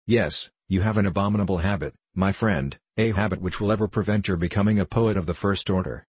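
A stern, exacting writer scolds in curt, clipped tones, as a man reads him. The voice is deep and a little husky. The sound is dry and close. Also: brisk, a little mellow, dry recording. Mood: cross. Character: cross, exacting male writer, stern critic. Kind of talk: audiobook character reading.

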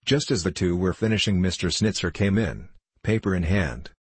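A man narrating an audiobook in a measured, even reading. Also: sits low, slightly rough, no room sound.

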